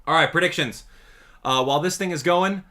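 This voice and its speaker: A man hosting a live stream, chatting casually and excitably with his viewers and laughing often. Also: on the high side, fairly quick. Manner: excitable, animated, laughs often, addresses chat directly. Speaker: livestream host.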